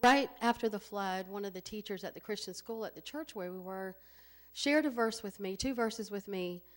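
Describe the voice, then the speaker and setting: A woman's voice: mid-range voice, rough recording. Woman, sick, mid-range voice, emotional and apologetic testimony in church. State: sick, coughing. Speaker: preacher's wife giving testimony. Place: church sanctuary.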